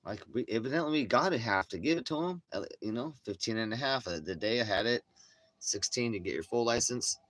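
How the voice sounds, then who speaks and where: A middle-aged man chatting casually on a livestream, rambling through profane stories. He jumps into quoted voices of himself and others as he talks, at an average pitch for a man. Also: expressive, brisk, a bit bright, no echo. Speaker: livestream host.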